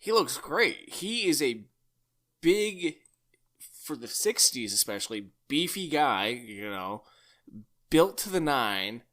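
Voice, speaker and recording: A male podcast co-host gushes about a movie in a loose, chatty way, often cutting in to add details. His voice is bright and forward, at an ordinary pitch. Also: very animated, takes it slowly. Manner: enthusiastic, chatty, jumps in with details. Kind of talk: casual film discussion.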